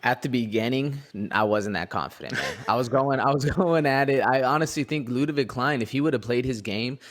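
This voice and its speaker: A man's voice: medium pitch, brisk. Easygoing young man breaking down fights. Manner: relaxed, rambling, fillers and "man". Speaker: podcast co-host. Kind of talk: casual fight recap chat.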